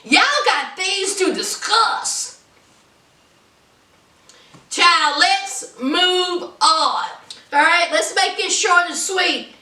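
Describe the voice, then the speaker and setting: A woman's voice: extremely high pitch, very slow, pauses often, sharp tone. A woman recapping a TV show in a sassy, casual way, laughing and calling listeners honey and child. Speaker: TV show reviewer. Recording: echoey room, distant from the mic.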